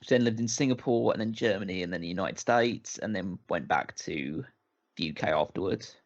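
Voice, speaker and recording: A man's voice: low voice, brisk, dull audio. A man co-hosting a casual movie-review podcast, rambling and restarting his sentences. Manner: rambling, restarts a lot, animated. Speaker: podcast co-host.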